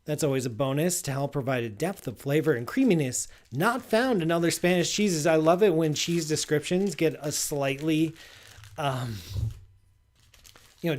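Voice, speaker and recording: A man hosting a live science show, talking loosely and chatting with playful enthusiasm, with lots of "like" and restarts. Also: a little high. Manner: playfully enthusiastic food tasting. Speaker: astrophysicist host of a live call-in space show. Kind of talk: casual live-stream chat.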